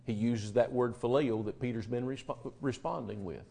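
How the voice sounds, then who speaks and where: A man preaching a sermon, swinging between loud, emphatic address to the congregation and hushed, quiet retellings of dialogue. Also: mid-range voice, normal speed, creaky, slight background noise.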